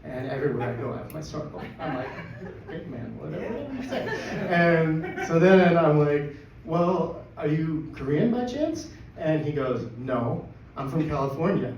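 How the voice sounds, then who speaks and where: A man telling a personal story at a live storytelling event, excitable and laughing through it. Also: on the high side, normal speed. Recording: echoey, distant, dull live recording with noise.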